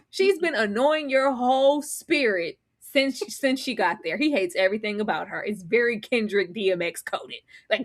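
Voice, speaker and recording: A woman's voice: a little high, a little fast, few pauses. A woman in casual reality TV recap chat, acting out quotes and laughing often. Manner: animated, acts out quotes with laughter. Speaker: guest co-host.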